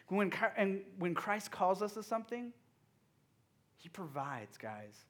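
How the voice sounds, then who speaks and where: A man with a fairly high voice preaching a sermon to young people. He keeps asking his listeners questions and moves between punchy, loud stresses and soft, hushed passages. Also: lively intonation, measured pace. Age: young adult or middle-aged father of a toddler. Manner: engaging, asks the audience direct questions; swings between loud emphasis and hushed, quiet moments. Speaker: youth pastor.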